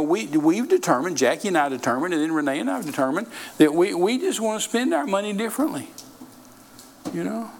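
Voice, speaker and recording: A man's voice: fairly high pitch, darkish tone, rough recording. An older man preaching a sermon in a folksy, repetitive way, often restarting his sentences. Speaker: traveling preacher.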